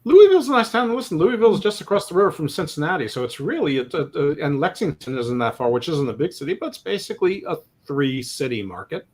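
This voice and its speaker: A man's voice: a little high, big pitch swings, fast talker, hardly any pauses. A man co-hosting a casual sports podcast, rambling and joking, often stammering as he restarts his sentences. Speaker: podcast co-host.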